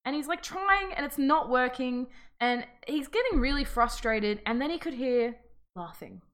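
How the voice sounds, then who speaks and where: Woman retelling myths to a friend, lively, swears a lot, acts out the voices. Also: sits high, normal speed. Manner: animated storyteller, swears, acts out characters. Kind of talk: casual chat, retelling folk tales.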